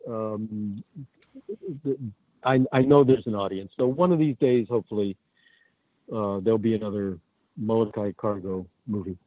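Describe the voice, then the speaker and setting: A man's voice: fairly low pitch, moderate pace, no room sound. Man, interview guest, phone-line sound, hesitant, friendly, dry. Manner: hesitant, friendly, filler-heavy. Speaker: cinematographer guest. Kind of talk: casual interview chat.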